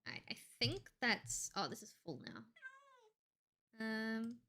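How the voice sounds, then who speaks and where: A woman's voice: on the high side, very animated, slow pace, bright, forceful tone, a little hiss or hum. A woman streamer chatting casually while she plays, thinking aloud and swearing now and then. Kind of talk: casual gameplay stream chat.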